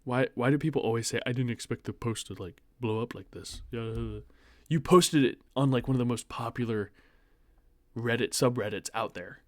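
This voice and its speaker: Speaking at medium pitch and a moderate pace with no room sound, a young man from the US reads an online post as a host. His casual commentary is laced with mocking, sarcastic asides.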